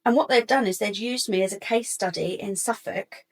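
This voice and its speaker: A woman's voice: medium pitch, moderate pace. Woman, guest on a chat show, tells her story openly, does the voices of people she quotes. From England. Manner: animated, acts out other people's lines. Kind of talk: candid personal storytelling.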